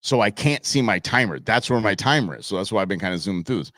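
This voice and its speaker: A man's voice: lowish voice, fast, no echo, clean studio sound. A middle-aged man hosting a live outdoors show from his desk, telling stories in a casual monologue and acting out what people said. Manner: animated storyteller acting out quotes. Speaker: show host. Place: home studio at a computer.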